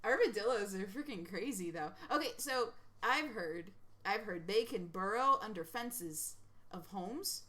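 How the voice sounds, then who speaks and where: Giggly bright-voiced woman streamer. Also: mid-range voice, a little slow. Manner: giggly, excitable, rambling. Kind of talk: casual reaction stream.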